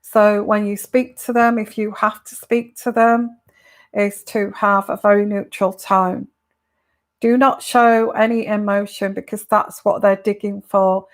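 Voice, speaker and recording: A woman from the United Kingdom, a tarot reader, talking casually to viewers and giving advice in a slow, hesitant way with many fillers. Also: mid-range voice.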